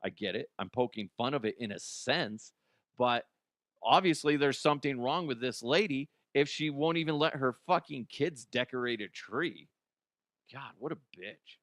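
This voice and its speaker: A man hosting a comedy news podcast, ranting sarcastically with lots of swearing, swinging between loud outbursts and mutters. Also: medium pitch, normal speed, no echo, clean studio sound. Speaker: podcast host.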